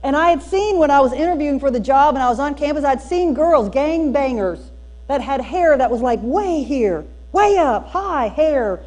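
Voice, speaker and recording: High-voiced Southern woman telling stories. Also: moderate pace. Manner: animated, folksy storytelling with emphatic punchlines. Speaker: speaker at a teacher training day. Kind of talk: storytelling keynote talk. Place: church hall used for a school district training.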